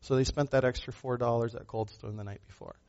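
A pastor preaching a sermon, a man who speaks with emphasis, asks rhetorical questions and moves between loud and soft passages. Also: mid-range voice, fairly even intonation, quick pace, vocal fry, muffled recording.

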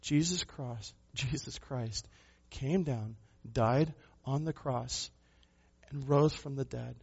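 A man preaches a sermon in a husky voice of middle pitch. He asks rhetorical questions and presses his points hard, then drops quieter. The recording sounds muffled and dull. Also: takes it slowly. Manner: emphatic, rhetorical questions, shifting between loud and soft. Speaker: pastor.

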